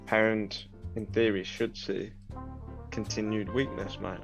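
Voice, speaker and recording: Low-voiced man chatting about trades. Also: level tone, slow pace, soft background music. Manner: matey banter, says "mate" often. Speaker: co-host of a live trading show. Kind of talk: casual trading chat.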